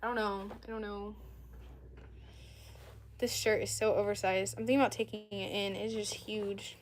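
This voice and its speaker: 18 yr old girl just rambling on her livestream, lots of likes and ums, mid-pitched voice. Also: flat delivery, moderate pace, slight background noise. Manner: rambling, chatty, reads comments. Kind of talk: casual livestream chat.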